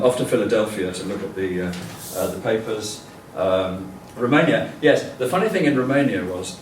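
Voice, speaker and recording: A man's voice: on the low side, a little hiss or hum. An older man giving a chatty, rambling public lecture full of fillers and restarts. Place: lecture hall. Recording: echoey hall, distant mic.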